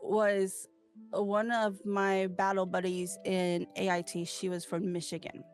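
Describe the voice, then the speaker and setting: A woman in casual chat, telling stories haltingly with many fillers. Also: medium pitch, completely flat delivery, soft background music.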